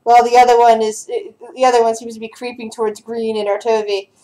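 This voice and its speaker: A woman with a somewhat high voice leads a tabletop game session as game master. She narrates scenes loosely, stumbling and restarting her sentences, and calls for dice rolls between descriptions. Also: flat delivery, mellow, low-quality recording. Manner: halting, restarts a lot while describing scenes.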